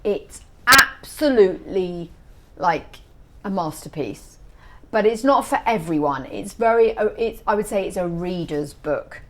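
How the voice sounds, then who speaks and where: A middle-aged woman being interviewed as an author, telling stories in an animated, chatty way. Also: mid-range voice, unhurried, a little hiss or hum. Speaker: author guest. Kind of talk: casual interview chat.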